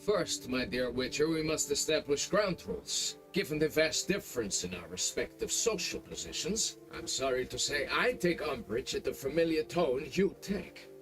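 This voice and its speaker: A man's voice: on the high side, very animated, normal speed, hardly any pauses, fairly bright tone, faint music behind. An actor playing a pompous, condescending nobleman in a video game, fussy and demanding. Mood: haughty. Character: pompous middle-aged nobleman, haughty and demanding. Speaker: vineyard owner hiring a monster hunter.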